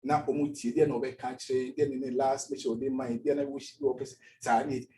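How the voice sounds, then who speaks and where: A man's voice: mid-range voice, level tone, brisk, dark tone, a little hiss or hum. A male pastor with a Ghanaian accent preaching a sermon in church, switching between languages and repeating phrases for emphasis.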